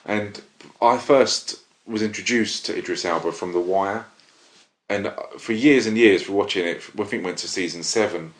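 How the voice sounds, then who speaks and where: Male podcast host, very low voice, rambling chatter, echoey room. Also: moderate pace. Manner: rambling, self-interrupting, enthusiastic. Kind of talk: casual film review chat. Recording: roomy echo.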